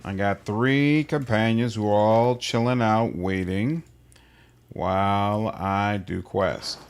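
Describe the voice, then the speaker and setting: A man casually chatting through a game livestream, answering his chat in a relaxed way. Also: fairly low pitch, takes it slowly, clear, resonant tone. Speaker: streamer. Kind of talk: casual gameplay livestream commentary.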